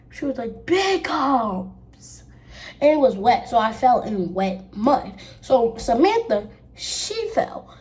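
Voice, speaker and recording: A woman's voice: fairly high pitch, a little mellow. A young girl vlogging at home, telling a casual storytime and acting out the people she quotes. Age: child. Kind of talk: storytime while getting ready.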